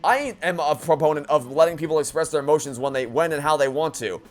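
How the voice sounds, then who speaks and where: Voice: medium pitch, fast talker, soft background music. A let's play gamer giving emotional commentary, stammering often, getting exasperated and swearing.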